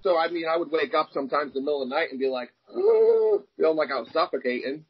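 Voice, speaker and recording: Rapid-fire and a little high, with a breathy edge, this young man's voice carries candid stories from his life as an arm wrestler, told in an interview. He animatedly acts out what people said, and the recording sounds dull and lo-fi.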